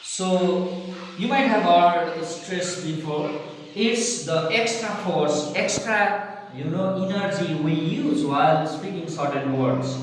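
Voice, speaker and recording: A male teacher giving a pronunciation lecture, spelling and repeating words slowly and asking "okay?" after each point. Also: high-pitched, slight background noise. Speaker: English teacher. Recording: echoey room, mic from far off.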